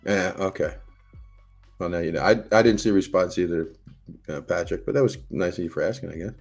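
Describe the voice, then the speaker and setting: A man's voice: low-pitched, fairly quick, gravelly, darkish tone, soft background music. A man streaming live, chatting casually and rambling as he answers and reads out viewers' messages. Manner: rambling, talks to chat and reads their messages aloud.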